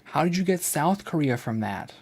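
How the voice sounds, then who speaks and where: A man's voice: a little high, sing-song, moderate pace, husky. A male streamer in casual chat, exasperated and self-mocking as he repeats the same command over and over.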